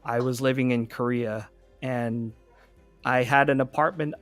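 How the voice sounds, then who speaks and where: A man's voice: medium pitch, steady tone, measured pace, a bit bright, no room sound, soft background music. Male co-host, loose rambling storyteller, dry close sound. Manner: rambling storyteller with frequent restarts. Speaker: podcast co-host. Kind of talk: casual chat.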